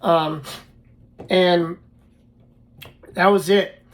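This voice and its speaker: A man casually telling his own life story, halting often with fillers and restarts. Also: high-pitched, fairly even intonation.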